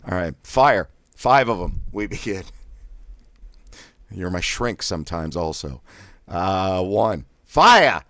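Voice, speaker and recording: A man leading a guided voice exercise drill in a relaxed, joking, self-deprecating coaching manner. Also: low voice, takes it slowly, long pauses, no echo.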